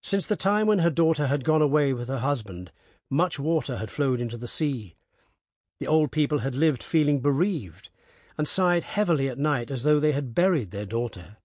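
A male audiobook narrator reads a scripted story aloud in a measured, even way. His voice is mid-range, and the studio recording is clean with no room sound.

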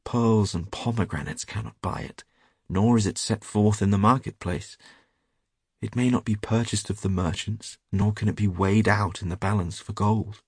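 Man doing a sweet devoted nightingale from a fairy tale, lyrical, low husky voice. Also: fairly even intonation, moderate pace, darkish tone, dry recording, clean studio sound. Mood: rapturous. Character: female nightingale, tender and devoted.

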